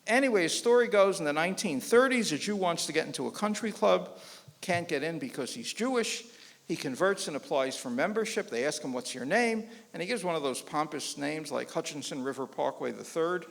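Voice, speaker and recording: A man's voice: a little high, fairly quick, gravelly. A man, a rabbi, giving a public lecture and telling jokes, acting out the voices of the people in them. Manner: animated joke-telling with quoted voices. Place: lecture hall before an audience. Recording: long hall reverb.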